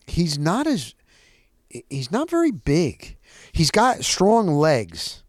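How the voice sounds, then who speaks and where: A man hosting a talk show, telling a casual, animated story with a rambling delivery and quotes he acts out. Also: fairly high pitch, takes it slowly, no echo, clean studio sound.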